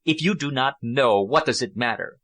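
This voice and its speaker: A man's voice: medium pitch, moderate pace, a bit bright, lightly acted. Guy putting on a cold burglar, slight foreign accent, menacing and clipped.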